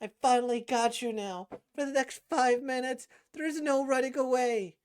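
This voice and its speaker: A woman's voice: high voice, steady tone, normal speed, smooth, natural voice. A woman voicing a hot-headed teenage girl judoka who is brash and demanding while reading a comic aloud. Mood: pushy.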